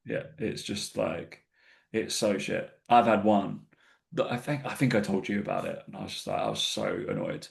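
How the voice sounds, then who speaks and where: A man's voice: on the low side, very animated, normal speed, vocal fry. A British man co-hosting a casual fitness podcast, chatty and swearing as he tells anecdotes. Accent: British English. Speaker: podcast co-host, personal trainer.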